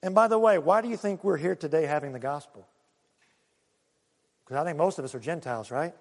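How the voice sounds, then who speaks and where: A man preaching a sermon, animated and full of rhetorical questions and acted-out asides to the congregation. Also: a little high, brisk, vocal fry, big-room sound. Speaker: pastor.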